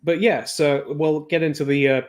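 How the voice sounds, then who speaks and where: A man's voice: fairly high pitch, fairly even intonation, normal speed. A British man co-hosting a casual stream, recapping an episode in a chatty way with frequent laughs. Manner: chatty, laughs often, loose restarts. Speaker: co-host.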